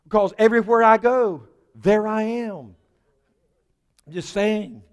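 A man's voice: sits high, a little slow, smooth. A man preaching a sermon as pastor, folksy and conversational, building to fervent prayer. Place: church sanctuary. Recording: church hall reverb.

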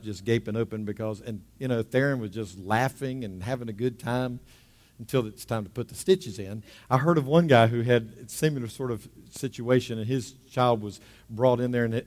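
A middle-aged man preaching a sermon. He moves from hushed storytelling to loud, fervent preaching. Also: mid-range voice. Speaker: pastor.

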